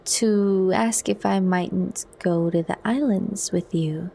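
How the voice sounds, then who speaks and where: A defiant young outsider, intense yet hushed, as a woman reads him. His lines come slow and mellow in a whispered role-play. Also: high voice, fairly even intonation, vocal fry, heavily acted. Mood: subdued.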